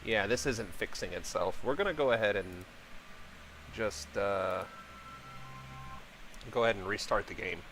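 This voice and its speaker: A man's voice: on the low side, a little slow, pauses often, fairly bright tone, a little hiss or hum, poor audio. A man chatting casually while streaming a game, blunt and profane, joking about being a dad. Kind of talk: casual rambling chat while gaming.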